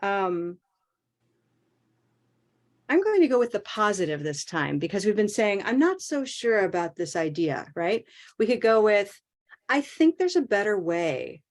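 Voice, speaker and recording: A woman's voice: mid-range voice, big pitch swings. Encouraging woman teaching English pronunciation. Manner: encouraging, models phrases slowly and clearly. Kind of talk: online class coaching. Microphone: video call.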